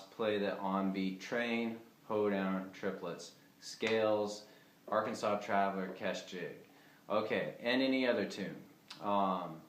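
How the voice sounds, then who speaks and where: Relaxed man teaching fiddle, echoey room. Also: fairly low pitch. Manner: relaxed, chatty, with many fillers. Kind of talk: casual video lesson.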